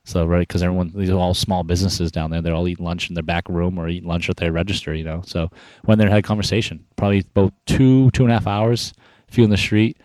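A man's voice: sits low, little pitch movement, fast talker, few pauses, darkish tone, dry recording. A young adult man telling stories with energy in a casual interview, acting out quoted dialogue. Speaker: podcast guest, founder of an inspiration business.

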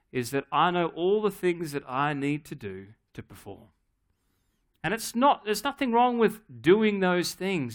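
A middle-aged man preaching a sermon, telling a family story in a relaxed, humorous, conversational way. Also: on the high side. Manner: acts out his daughter's voice in quotes. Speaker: pastor.

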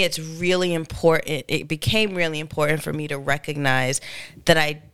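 A woman's voice: sits low, fairly bright tone, smooth. A woman in her thirties co-hosting a podcast, talking candidly and chattily, a little congested. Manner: candid, chatty, fond of fillers. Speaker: podcast co-host. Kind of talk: casual chat.

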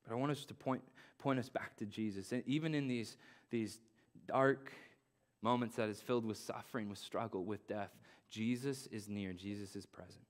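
A man's voice: fairly low pitch, moderate pace. A young man, a pastor, preaching an earnest sermon, repeating key phrases and dropping in casual slang.

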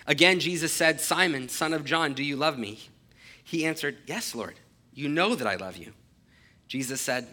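A man preaching a sermon, reading scripture aloud and then explaining it in an earnest, emphatic way that slows down on key phrases. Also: fairly high pitch, pushed and bright.

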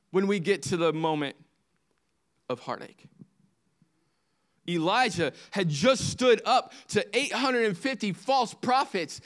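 A man preaching a sermon as pastor, swinging from impassioned highs to hushed lows.

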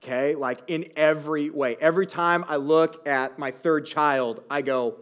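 Animated higher-voiced male pastor preaching. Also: moderate pace, hardly any pauses. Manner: conversational, animated, asks rhetorical questions. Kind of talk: sermon.

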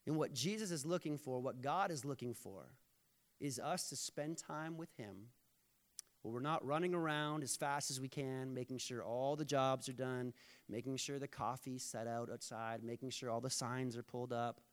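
A male pastor delivers a sermon in a relaxed, conversational style, joking easily with the room and growing earnest when he makes his point. His voice is at a typical male pitch, and he speaks at a normal speed.

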